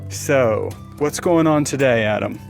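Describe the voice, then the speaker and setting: Chatty podcast guy, mid pitch, telling stories with faint music behind. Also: unhurried, creaky. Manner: chatty, animated storyteller. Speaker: podcast co-host. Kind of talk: casual podcast chat.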